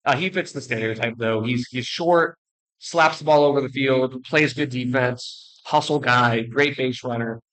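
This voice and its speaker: A young man ranking baseball players in casual commentary, blunt and joking, rambling with restarts and quick apologies. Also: mid-range voice, a bit bright, rough recording. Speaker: baseball video creator.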